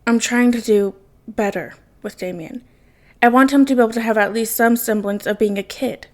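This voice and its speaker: Woman voicing a weary father, stern, earnest, pleading, storybook reading, fairly high voice. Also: normal speed, lightly acted. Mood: tired, earnest. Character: weary grown man, a stern worried father.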